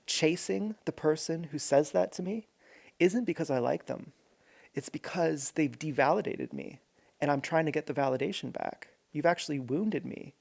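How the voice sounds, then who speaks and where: A man's voice: mid-range voice, vocal fry, a little mellow. A man vlogging a rambling, earnest personal monologue, often stopping to correct himself.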